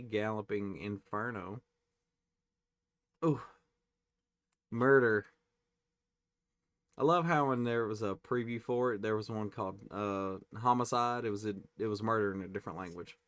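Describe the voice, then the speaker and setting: Guy opening card packs, lowish voice, dry close sound, reads names off and reacts quick. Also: dry recording. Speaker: card-opening channel host. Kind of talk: casual pack-opening commentary.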